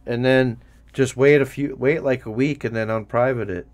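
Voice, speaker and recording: A man's voice: mid-range voice, steady tone, moderate pace, a little mellow, a little hiss or hum. A man hosting a casual profane chat show with a Minnesotan accent, rambling and laughing as he mocks others. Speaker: host.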